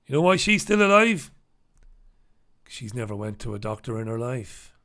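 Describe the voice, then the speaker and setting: A man's voice: medium pitch, big pitch swings, normal speed, bright, forceful tone. A man hosting a newspaper review, ranting in a sarcastic, profane, opinionated way. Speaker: host.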